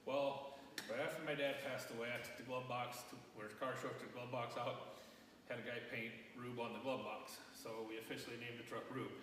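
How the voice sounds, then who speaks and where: A man speaks from a distance in a reverberant shop, his voice roomy with a long echo tail and a faint hiss underneath. He talks in a casual, halting, emotional way, as a guest in an interview. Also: medium pitch, fairly even intonation, fairly bright tone. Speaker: interview guest, truck owner. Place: his own shop, indoors.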